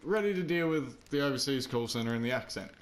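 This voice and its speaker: A man's voice: mid-range voice, animated, fast talker. A man telling a rambling, self-deprecating story in casual chat while he plays a game. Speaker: gaming vlogger.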